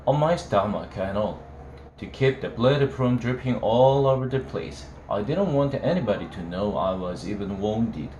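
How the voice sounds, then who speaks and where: Slow-reading man in an echoey room. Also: on the low side, darkish tone, slight background noise. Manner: slow, conversational first-person telling. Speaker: reader of a novel. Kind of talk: first-person story reading. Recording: roomy room echo, faint ambience.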